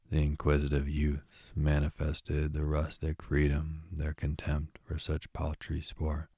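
Very deep, slow bedtime storyteller man. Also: slightly rough, no echo, studio quality. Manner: slow, soft, even reading. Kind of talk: calm bedtime story reading.

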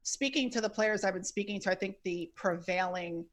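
Man guest on a podcast, thoughtful and measured, bit hesitant. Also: high-pitched, a bit bright. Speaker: guest tennis editor. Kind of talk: podcast interview.

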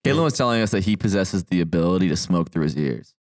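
Deep, fast-talking man, dry close sound. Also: expressive, no room sound. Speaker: guest. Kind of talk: casual chat.

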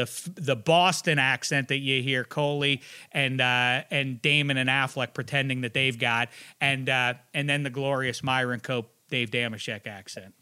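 A man's voice: medium pitch, pushed and bright, clean tone. A man hosting a casual podcast chat, rambling and joking, with a habit of slipping into mock accents. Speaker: podcast host.

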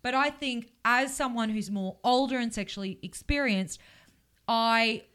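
A young Australian woman speaks as a podcast guest with a bright, smooth voice. She is candid and chatty, and she laughs easily. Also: a little high, measured pace. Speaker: guest, journalist. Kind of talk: casual chat.

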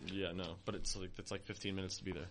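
A man co-hosting a podcast, talking loose and easy. His voice is bright and forward. He laughs a lot and swears without a second thought. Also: low voice, flat delivery, quick pace, slight background noise. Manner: laid-back, laughs often, swears casually. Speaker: podcast co-host. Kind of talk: casual chat.

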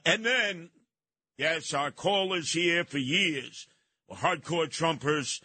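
A man hosting a talk radio show, delivering a brash, mocking monologue with frequent shouting and a New York accent. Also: fairly high pitch, takes it slowly, dry recording.

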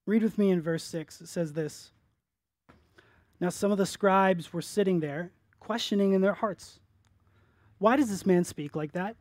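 A male pastor preaching a sermon in church, earnest, rising to emphatic peaks and dropping soft on key phrases. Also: high voice, measured pace, long pauses, no echo.

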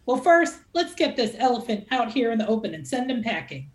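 A woman reading aloud puts on a pompous man who loves the sound of his own toast, his voice booming and swinging widely up and down. He is chummy and grandstanding. The sound carries an echoey room around it. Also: sing-song, a little fast. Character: pompous well-connected man giving a toast.

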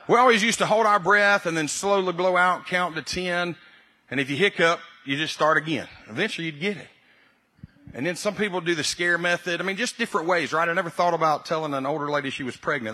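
Forceful husky male preacher. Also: a little high. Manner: repeats key phrases for emphasis, builds to loud emphatic peaks. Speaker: pastor. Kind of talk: sermon.

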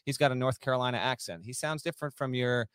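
Male co-host, teasing banter, mid-pitched voice, dry studio mic. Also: fast, a bit bright, clean tone, no echo. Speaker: podcast co-host. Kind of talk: casual sports talk.

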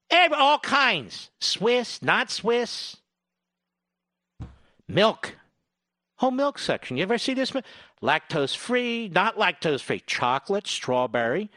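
A man's voice: very high voice, pushed and bright, dry recording, studio quality. A man giving a sarcastic grocery-aisle rant, rattling off long lists of items. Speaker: commentator. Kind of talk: ranting grocery-store monologue.

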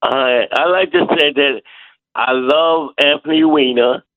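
A man's voice: on the high side, measured pace, dry recording. A man calls in to a talk radio show and rambles along, plainspoken and hesitant. His voice comes through a tinny, phone-like line. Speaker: caller. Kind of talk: call-in radio chat.

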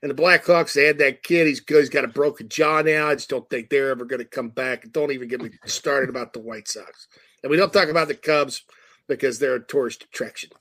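A man putting on a Chicago accent to play a grumbling male sports fan who rattles off loud complaints. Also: medium pitch. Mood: griping. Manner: loud, griping, rapid-fire complaints.

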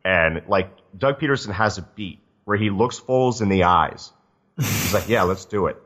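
A man in a casual sports podcast, analyzing the game in a quick, rambling way. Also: on the low side, expressive, a bit bright. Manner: fast, analytical, many restarts.

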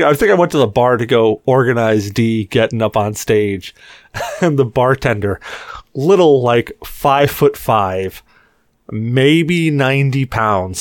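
A man's voice: mid-range voice, dry recording, studio quality. A young man co-hosting a podcast, telling a rowdy story casually with swearing and acted-out quotes. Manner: animated, swearing, acts out quotes. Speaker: podcast co-host.

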